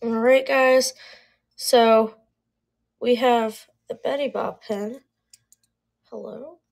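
A young woman in her twenties runs a live online sale in a relaxed, chatty way. Her voice sits a little high, and she pokes fun at her own mix-ups as she goes. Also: drawn-out words, vocal fry. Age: 20s. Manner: chatty and self-deprecating, laughs at own slips. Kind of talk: casual live-sale chat.

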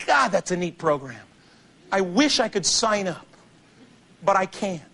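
A man performing a stand-up monologue on a theater stage, telling stories in an animated, sardonic way. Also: high-pitched, measured pace, creaky. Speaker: comedian. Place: theater stage before a large audience.

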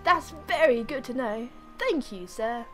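Woman doing a weird squeaky little girl. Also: animated, unhurried, soft background music. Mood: curious. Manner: high squeaky put-on voice.

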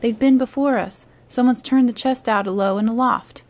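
A woman voicing a rough male pirate who calls down from an upstairs window. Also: on the high side, moderate pace, voice pushed up, natural voice. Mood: urgent. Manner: calling out loudly.

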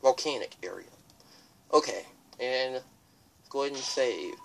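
A let's player giving excitable, jokey gameplay commentary. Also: mid-range voice, measured pace, vocal fry, a little hiss or hum.

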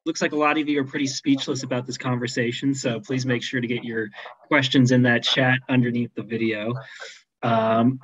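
A man's voice: mid-range voice, breathy edge, dull audio. A man co-hosting a live stream, reading audience questions in an upbeat, chatty way over a video call.

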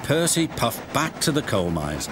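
A man narrating a children's story in a gentle, expressive storytelling manner. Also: medium pitch, unhurried, noisy background. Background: show music.

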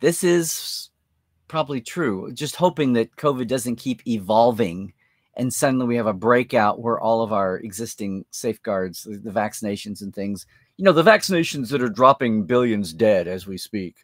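A male live-stream host talks through viewer comments in a loose, rambling way, with lots of fillers as he thinks aloud. His pitch moves in a lively, animated way. The sound is close and dry, with no room echo. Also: moderate pace.

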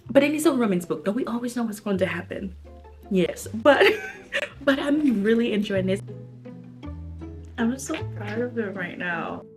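A woman's voice: fairly high pitch, expressive, normal speed, darkish tone, soft background music. A young woman chatting casually in a reading vlog, gushing about books with lots of fillers, recently under the weather. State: recovering from being sick. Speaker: book vlogger.

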